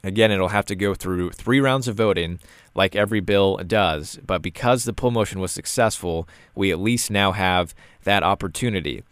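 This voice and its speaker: A man hosts a talk show in a low, smooth and clear voice. He speaks casually and breaks his flow with frequent "uh" fillers and repeated words. The sound is dry and close, with almost no room echo. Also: moderate pace. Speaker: podcast host. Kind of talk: casual commentary.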